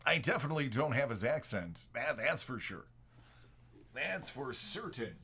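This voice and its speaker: A man's voice: medium pitch, sing-song, normal speed, creaky, sharp tone, slightly rough. A man chatting casually on a live stream while opening trading cards, joking and laughing. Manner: jokey, chatty, laughs easily.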